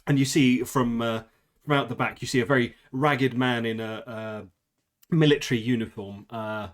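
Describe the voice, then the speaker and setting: A man's voice: mid-range voice, fairly even intonation, moderate pace, a little hiss or hum. Man running a tabletop game. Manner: casual, hesitant with fillers. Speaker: game master.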